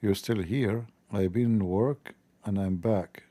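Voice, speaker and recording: A man's voice: fairly low pitch, takes it slowly, few pauses, dark tone. A man hosting a live stream, chatting casually, joking and laughing often, with loose non-native grammar.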